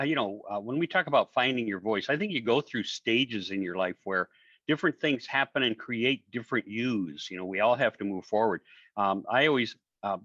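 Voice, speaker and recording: A man's voice: mid-range voice, a bit bright, dry recording. An older man, a professional speaker, answering interview questions with conversational stories and acted-out dialogue. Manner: conversational, acts out quoted dialogue, many fillers. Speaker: guest speaker. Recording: dull dry audio.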